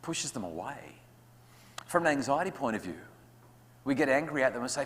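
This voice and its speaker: An Australian man addresses a room of parents in a relaxed, joking way, and his voice sits at a middle pitch. His voice carries a long reverb from a large school hall. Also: normal speed, pauses often. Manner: conversational and humorous, acts out parents' lines. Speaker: guest speaker on parenting. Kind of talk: public talk to parents.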